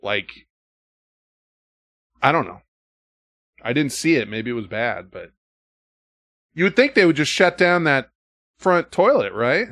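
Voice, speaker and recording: A man's voice: mid-range voice, very animated, a little slow, long pauses, bright, forceful tone, no echo, clean studio sound. A man hosting a podcast, telling stories in a casual, profane way and acting out other people's lines. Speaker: podcast host. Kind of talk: casual storytelling chat.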